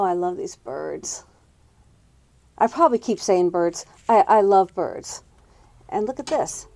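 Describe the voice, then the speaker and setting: A middle-aged woman hosts a casual walking tour of antique and thrift shops, pointing out items with fond admiration. Her voice is medium in pitch and mellow.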